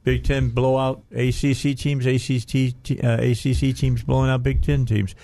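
A man's voice: mid-range voice, little pitch movement, normal speed, dark tone. A man hosting a casual radio talk show, rambling and chatty, often trailing off and restarting his sentences.

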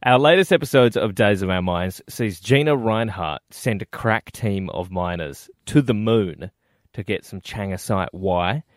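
A man's voice: on the low side, unhurried, dry recording, studio quality. A man hosting a radio comedy show, chatty and jokey.

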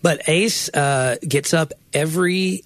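A man's voice: a little high, takes it slowly, no echo. A man co-hosting a casual chat with his wife, self-deprecating and laughing often. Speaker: podcast co-host.

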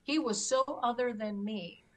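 Speaking at a normal speed in a fairly high voice, this middle-aged woman tells her story as a talk show guest. It's conversational storytelling, delivered emphatically as she acts out the pleas she made.

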